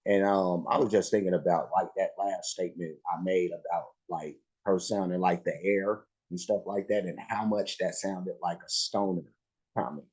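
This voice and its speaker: A man's voice: low-pitched, steady tone, moderate pace, a little mellow, breathy edge, low-quality recording. A man casually reacting to a live music video, talking in a laid-back way with lots of fillers and restarts.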